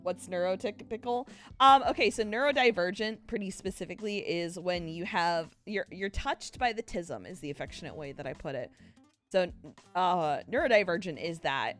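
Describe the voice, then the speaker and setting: A woman streamer chats casually with her viewers in a live-stream, rambling, giggling and often laughing at herself in a self-mocking way. Her voice is fairly low-pitched with a fairly bright tone and a normal speed, with soft music in the background.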